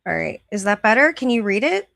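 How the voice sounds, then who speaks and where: A woman's voice: mid-range voice, very animated, fairly quick, gravelly, fairly bright tone, dry recording. A woman hosting her show, reading online posts aloud in casual chat, chatty and gushing and laughing often. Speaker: podcast host.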